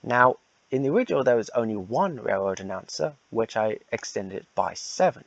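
A man's voice: mid-range voice, expressive, moderate pace, creaky, dry recording, muffled recording. A man casually announcing the casting for a fan redub, rambling and repeating himself.

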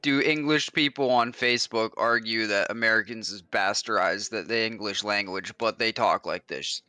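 Male gaming friend, blunt and sweary, lowish pitch, bright forceful tone. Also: normal speed, dry recording. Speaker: co-player friend. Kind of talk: casual gameplay chat.

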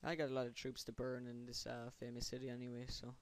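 A man's voice: mid-range voice, level tone, a little fast, hardly any pauses, no room sound. A man giving casual, rambling gameplay commentary, sarcastic and chanting words under his breath. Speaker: gamer.

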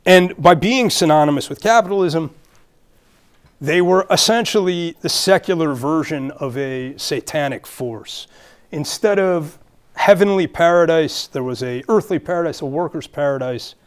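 A man's voice: fairly high pitch, moderate pace, smooth. A man with a Brooklyn accent giving a public lecture as a guest speaker, earnest and thinking aloud with fillers and restarts.

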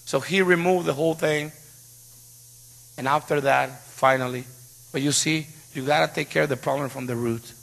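A middle-aged male pastor telling stories in a sermon, animated with playful asides. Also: a little high, normal speed, vocal fry. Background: piano music.

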